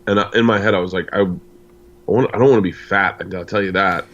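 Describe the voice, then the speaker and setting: A man's voice: deep voice, steady tone, fast, a bit bright, lo-fi sound. A middle-aged man from the United States, a comedian guest telling a long personal story and acting out the dialogue. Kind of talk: storytelling in casual interview.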